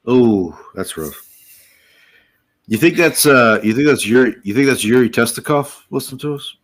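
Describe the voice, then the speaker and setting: A man's voice: medium pitch, expressive, normal speed. A man co-hosting a casual podcast chat, easygoing and hesitant, with many fillers. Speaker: podcast co-host.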